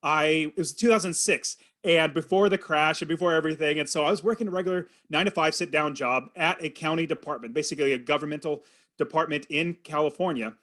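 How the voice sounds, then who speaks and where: A man in his forties, a real estate investor, telling a personal story in an earnest, animated way as a podcast guest. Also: a little high, quick pace. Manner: earnest, animated storytelling with quoted inner thoughts. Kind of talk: storytelling in an interview.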